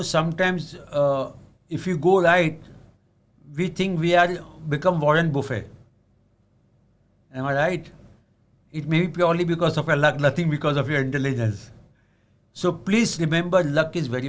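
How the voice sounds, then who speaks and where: A man with an Indian accent teaches investing to an audience, switching between English and Hindi. His voice sits a little high, and he leans hard on key words, then lets his sentences fall away low. He keeps checking in with "am I right?". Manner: earnest, asks "am I right?" often. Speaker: investment speaker. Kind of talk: seminar talk on investing.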